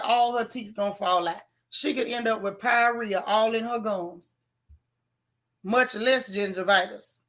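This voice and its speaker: Sassy bright-voiced woman chatting live. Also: fairly high pitch. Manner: blunt, sassy, reads viewer comments aloud. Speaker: livestream host. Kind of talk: casual live chat reacting to a TV show.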